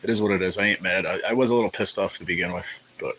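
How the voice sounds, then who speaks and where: A man hosting a casual live stream, rambling in a laid-back way and greeting viewers by name, sounding tired and low on energy. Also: very fast, a bit bright, a little hiss or hum, low-quality recording. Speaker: livestream host. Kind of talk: casual livestream chat.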